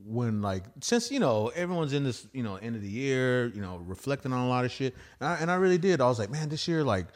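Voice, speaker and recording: A man at an ordinary male pitch, telling stand-up stories as a guest on a podcast. He swears freely and throws in "bro" and "dude" all the time. When he quotes other people, he acts out their voices in a lively way. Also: fast talker, hardly any pauses. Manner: profane and slangy, peppered with "bro" and "dude". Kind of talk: casual storytelling.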